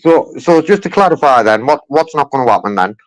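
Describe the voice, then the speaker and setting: A man's voice: mid-range voice, lively intonation, a little fast, dry recording, poor audio. A man making a heated phone complaint, insistent and repetitive, filling his talk with "you know what I mean". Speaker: caller.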